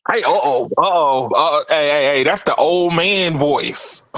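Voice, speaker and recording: A man hosting a casual tech podcast, animated, laughing often and repeating words as he talks. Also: a little high, a little slow, no room sound, low-quality recording. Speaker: podcast host.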